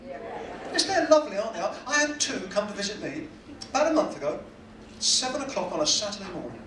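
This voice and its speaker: A British man performs stand-up in a cruise ship cabaret lounge, poking fun at himself and teasing the crowd. His high, sing-song voice moves quickly and sounds a bit bright. The echoey recording is captured from a distance, with slight background noise.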